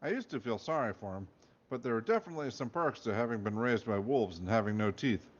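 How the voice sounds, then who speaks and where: Guy reading a funny book out loud, deadpan, medium voice, muffled recording. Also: medium pitch, quick pace. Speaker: reader. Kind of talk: comic audiobook narration.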